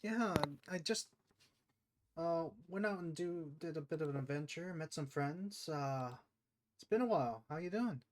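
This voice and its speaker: A man's voice: fairly high pitch, animated, moderate pace, a little hiss or hum. A man playing a tabletop game, chatting casually and a bit hesitantly. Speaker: player.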